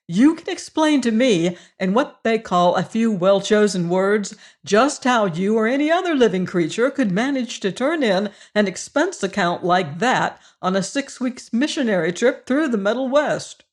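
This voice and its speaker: Reader voicing a no-nonsense businesswoman, crisp and impatient, slow measured audiobook reading. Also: mid-range voice, animated, lightly acted. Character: crisp, businesslike woman executive.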